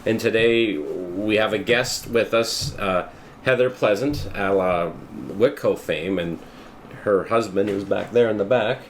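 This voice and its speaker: A man's voice: fairly low pitch, unhurried, a little hiss or hum. A man hosting a casual drinks chat, joking and playful with his guests. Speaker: host.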